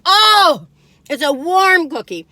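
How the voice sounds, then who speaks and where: A food reviewer chats her way through a cookie taste-test, humming and singing bits of song between bites and talking with her mouth full, savoring each chew. Her voice is extremely high and sing-song, slow, bright and forceful. There's no room sound at all.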